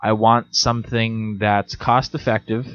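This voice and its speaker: A young man co-hosting a podcast in casual chat, rambling and joking, now and then jumping into high silly voices. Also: level tone, unhurried, fairly bright tone, smooth. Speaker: podcast co-host. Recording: slightly dull lo-fi sound.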